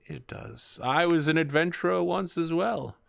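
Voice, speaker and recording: A man's voice: on the high side, measured pace, gravelly, crowd noise, pitched above the performer's own voice. A man voicing a chatty, worldly grandmother who was once a martial artist. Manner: chatty, gently probing.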